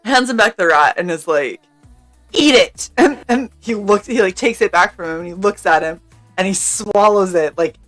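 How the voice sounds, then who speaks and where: A woman's voice: medium pitch, normal speed, a bit bright, faint music behind. A young woman telling a story on a live stream in casual chat. She talks animatedly, laughs often, swears freely and acts out what people said. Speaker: streamer co-host.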